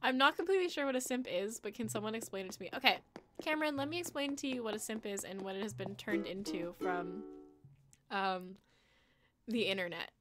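A woman's voice: mid-range voice, a little fast, a bit bright. A young woman chatting casually on a livestream while she plays a game, rambling and giggling as she teases herself. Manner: giggly, rambling, self-teasing. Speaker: streamer. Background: game music.

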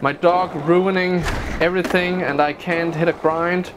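In a noisy let's-play recording, a male streamer with a high-pitched, fairly even voice narrates a skateboarding game at a measured pace. He vents frustration through exclamations and mocks himself along the way.

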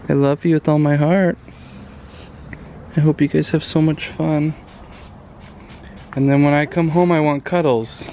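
A man's voice: on the high side, level tone, measured pace, pauses often, dark tone, slight background noise. A man in his thirties with a Californian accent, an easygoing, tender father chatting casually with his family. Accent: Californian English.

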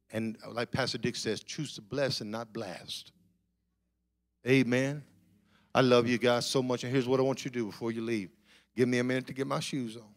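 Male guest preacher, mid-pitched, conversational, building to fervent repetition. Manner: conversational storytelling that swells into emphatic repetition. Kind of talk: sermon. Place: church sanctuary.

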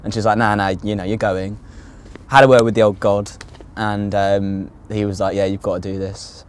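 A man's voice: fairly low pitch, flat delivery, moderate pace, slight background noise. A young man tells his own story casually in a documentary, with lots of fillers and swearing. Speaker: interviewee recounting his own psychosis. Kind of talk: candid documentary testimony.

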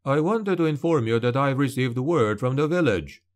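A man voicing a cunning male steward who speaks in a quiet, measured, cautioning tone. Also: medium pitch, expressive, pitched above the performer's own voice, natural voice. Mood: solemn. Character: cunning middle-aged male steward, calm and warning.

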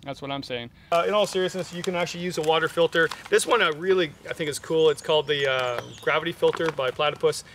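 A middle-aged Canadian man reviewing camping gear outdoors at a campsite, making jokey deadpan asides between many fillers. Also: on the high side, quick pace, hardly any pauses, a little hiss or hum. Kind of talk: joking gear review vlog.

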